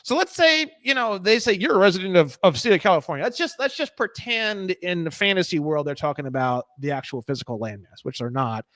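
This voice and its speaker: High-voiced guy ranting and swearing, pitch jumping all over, dry close sound. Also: dry recording. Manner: animated, profane, ranting. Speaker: guest. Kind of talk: casual podcast interview.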